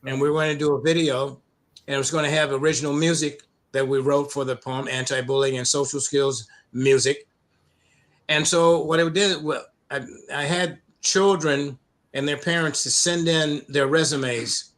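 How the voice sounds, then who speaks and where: A middle-aged man from the United States, a program founder telling stories in an interview, with many restarts and an occasional cleared throat. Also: fairly high pitch, steady tone, fairly bright tone. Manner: halting, many restarts and repeated words. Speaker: anti-bullying program founder, guest. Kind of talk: conversational interview storytelling.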